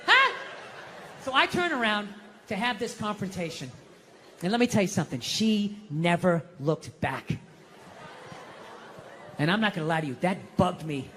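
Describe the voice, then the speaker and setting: A man with a Boston accent doing a profane stand-up rant on stage, dropping to low mutters and jumping to high outbursts. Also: expressive, moderate pace, long pauses, fairly bright tone, big-room sound, a little hiss or hum. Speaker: stand-up comedian. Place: live venue with audience laughter.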